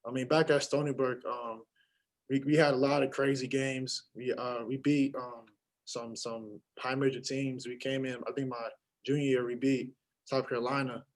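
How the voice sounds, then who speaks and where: Young male athlete, postgame presser; halting delivery full of fillers. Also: mid-range voice, flat delivery, low-quality recording. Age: young adult. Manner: halting, many fillers and restarts. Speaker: college basketball player. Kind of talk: postgame press conference answers.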